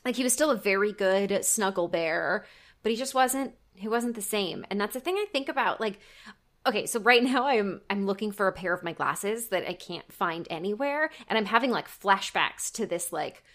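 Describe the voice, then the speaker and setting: A podcast co-host with a mid-range, somewhat bright voice speaks expressively at a moderate pace. She tells a story during casual chat, laughing frequently.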